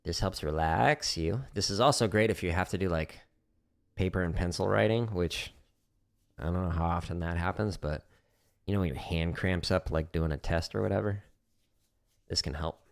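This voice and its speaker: On a livestream from his practice room, a drum teacher walks through technique in a relaxed, instructional way, using plenty of fillers. His voice is deep and gravelly at a moderate pace, picked up by a studio microphone near the drum setup.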